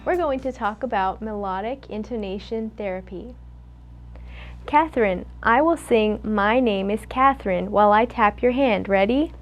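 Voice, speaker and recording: A woman's voice: mid-range voice, lo-fi sound, faint music behind. A young woman acting as a student speech clinician. She demonstrates a therapy session, coaching patiently and praising each try. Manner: patient, coaching, gives quick bright praise.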